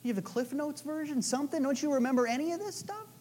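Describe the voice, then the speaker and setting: A woman's voice: high voice, lively intonation, fast, a little mellow, pitched above the performer's own voice. A woman putting on an eye-rolling, exasperated Jesus. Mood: pleading. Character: exasperated adult male Jesus, impatient teacher.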